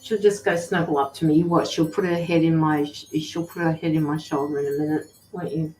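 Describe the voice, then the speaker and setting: A woman's voice: sits low, steady tone, fairly quick, a little mellow, slight background noise. A woman hosting a casual livestream as a tarot reader and medium, chatting affectionately with viewers and fussing over her dogs. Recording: roomy echo with faint music.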